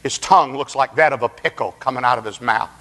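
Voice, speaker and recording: A man's voice: mid-range voice, fast talker, fairly bright tone, lightly acted. A male preacher voicing a worn-out, grieving mother who pleads for help, in a sermon recorded in a reverberant hall. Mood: weary pleading. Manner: weary, pleading. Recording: long reverb of a large hall.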